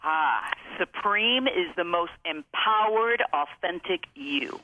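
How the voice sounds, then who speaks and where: A woman telling her story as a guest, emphatic and motivational, slowing down to stress key phrases. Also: on the low side, lively intonation. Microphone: phone. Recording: tinny phone line.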